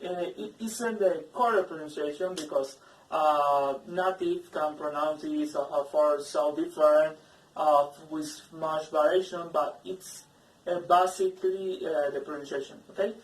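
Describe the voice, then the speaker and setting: A woman with a Colombian Spanish accent leads an English pronunciation drill at a very unhurried pace. She says each example word on its own and stresses it. Her slightly low voice comes from some distance away and rings in a reverberant room. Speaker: English phonetics teacher. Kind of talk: pronunciation lesson. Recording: echoey room, mic far off.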